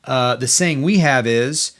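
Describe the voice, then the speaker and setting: A man's voice: medium pitch, unhurried, fairly bright tone. A middle-aged man hosting a podcast, giving faith-based parenting talk in an earnest, encouraging, conversational way. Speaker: podcast host.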